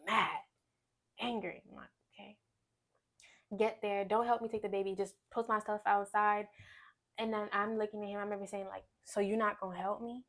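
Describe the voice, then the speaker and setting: Woman telling a personal testimony. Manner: earnest, storytelling, drops to quiet low voice when recounting. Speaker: guest sharing testimony.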